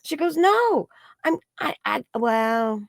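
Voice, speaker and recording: A woman, an energy healer and psychic, telling a story in an interview and acting out the quoted dialogue in a higher voice. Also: lively intonation, normal speed, creaky, no room sound, studio quality. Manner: acts out quoted dialogue with high bright voices.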